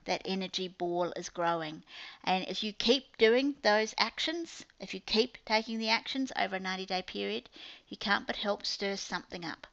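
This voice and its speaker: A woman's voice: mid-range voice, fairly bright tone, lo-fi sound. A woman with a New Zealand accent, a business coach giving an upbeat, chatty promotional talk to her clients. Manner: chatty, upbeat sales patter with playful asides.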